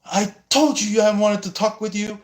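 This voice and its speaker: A man's voice: steady tone, moderate pace, roomy sound, close to an everyday voice. A man voicing a nosy, clingy would-be lover who keeps pleading for attention in a whiny voice. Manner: whiny, pleading, high-pitched.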